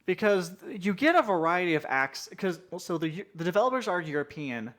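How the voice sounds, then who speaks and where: A man's voice: high voice, very animated, moderate pace, fairly bright tone. A man hosting a casual podcast chat, leading with questions and often restarting his sentences. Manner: leads with questions, rambling restarts. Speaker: podcast host.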